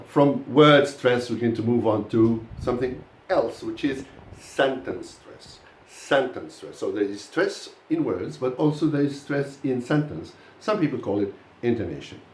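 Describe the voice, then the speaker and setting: A male teacher talks through a pronunciation lesson in front of his class. His pitch swings widely as he quizzes the students, and he fills his talk with "uh" and "you know". The room gives the voice a noticeable echo. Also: a little hiss or hum. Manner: animated, addresses students directly with many fillers.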